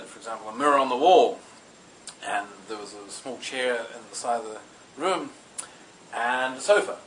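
A man telling an improvised comic fairy tale in a rambling, deadpan way with many fillers. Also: mid-range voice, far from the mic, a little hiss or hum, low-quality recording. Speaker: storyteller.

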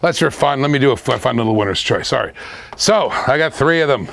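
A man hosting a live-stream auction, excitable and laughing often, repeating his phrases. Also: medium pitch, brisk, vocal fry.

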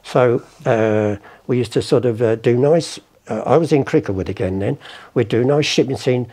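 A man with a warm, mid-range voice speaks at a moderate pace. He's a podcast guest telling casual anecdotes, rambling along, swearing, and acting out the people in his stories.

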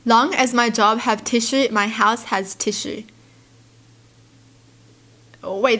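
Young female vlogger, slightly high voice, giggly and animated reaction commentary. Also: takes it slowly, pauses often. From Australia. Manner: giggly, animated, squeals in disbelief. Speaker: YouTuber reacting to tweets.

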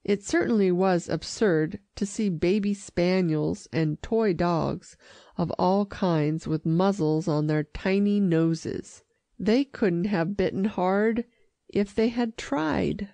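A woman narrating an audiobook in a measured, even storytelling manner. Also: fairly low pitch, no echo. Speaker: audiobook reader.

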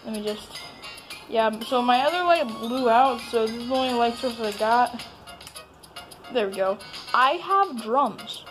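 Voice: mid-range voice, expressive, unhurried, pauses often, fairly bright tone, faint music behind, poor audio. Young vlogger rambling in a bedroom. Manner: rambling, playful, full of fillers. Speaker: channel host. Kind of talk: casual home vlog. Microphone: camera on a tripod. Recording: movie sound playing behind.

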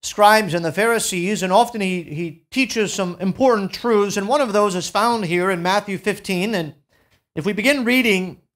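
Preaching man, loud peaks and low drops. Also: moderate pace. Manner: reads scripture aloud in King James wording, drawing out key words. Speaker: pastor. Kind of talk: sermon. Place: church sanctuary.

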